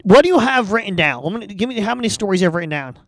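A man's voice: high voice, animated, no room sound, studio quality. A man co-hosting a podcast, chatting casually and stammering a little as he urges the host on. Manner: quick, stammering, pushes host to keep going. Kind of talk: casual chat.

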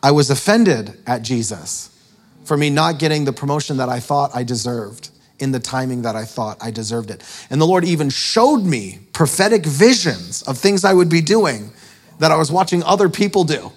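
A man's voice: on the high side, expressive, moderate pace, breathy edge. Chatty self-mocking male preacher. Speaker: preacher and author. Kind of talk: storytelling sermon.

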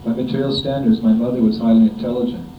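A middle-aged man reads a devotional homage letter aloud in a measured, solemn way. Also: little pitch movement. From United States. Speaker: disciple reading a homage letter. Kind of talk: reading a written devotional offering aloud. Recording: dull, echoey, distant room recording with faint rumble.

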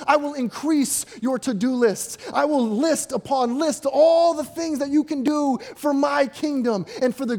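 A preacher voicing an eager, hurried man who loudly announces himself and boasts about the work ahead. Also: extremely high pitch, voice pushed up. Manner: loud, brash, boastful.

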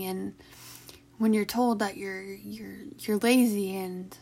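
A young adult woman telling a personal story in a halting, emotional way, with sighs and restarts. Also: medium pitch, fairly even intonation, creaky, a little mellow. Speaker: vlogger. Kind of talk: personal confessional talk.

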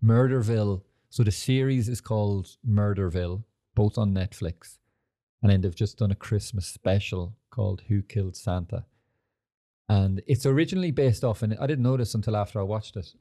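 A young man with a low, mellow voice hosts a laid-back podcast. He rambles from story to story, swears freely and leans on fillers as he goes. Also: normal speed. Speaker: podcast host. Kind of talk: casual chat.

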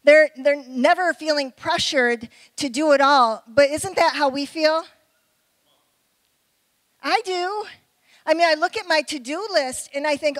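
Woman, middle-aged, high voice, dry close sound, chatty sermon, asks the crowd questions. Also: no echo, rough recording. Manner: conversational, with quick asides and questions to the audience. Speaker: preacher.

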